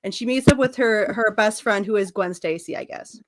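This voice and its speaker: A woman's voice: medium pitch, fairly quick. A woman co-hosting a casual chat show, animatedly recapping a comic story, swearing and laughing often as she acts out the characters. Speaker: podcast co-host recapping a comic.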